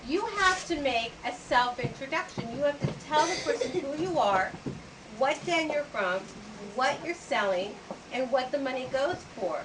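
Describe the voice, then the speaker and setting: High-voiced woman teaching kids manners. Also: expressive, moderate pace. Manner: upbeat teacherly, acts out greetings and handshakes. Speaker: etiquette instructor. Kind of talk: teaching manners to a group of children. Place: library program room. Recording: echoey room, distant mic, background noise.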